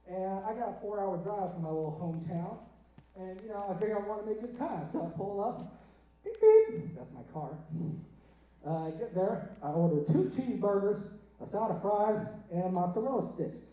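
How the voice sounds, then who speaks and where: A young man doing a stand-up set in a theater, chatty and self-mocking, with quick asides to the crowd. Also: high voice, warm tone. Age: young adult. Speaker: stand-up comedian. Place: theater stage. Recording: dull, echoey theater sound from a distance.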